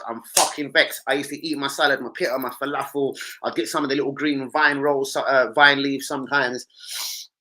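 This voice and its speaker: A young man, hosting a football live stream and chatting with his viewers in an animated, slangy and sweary way. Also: mid-range voice, poor audio. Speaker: football livestream host. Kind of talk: casual live-stream chat.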